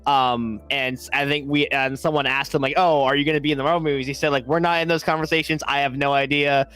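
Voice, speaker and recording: A man's voice: mid-range voice, flat delivery, quick pace, fairly bright tone, smooth. A young man on a podcast chatting about a movie, stumbling and restarting his sentences often. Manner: stammering, many restarts and fillers. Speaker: podcast co-host. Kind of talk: casual movie discussion.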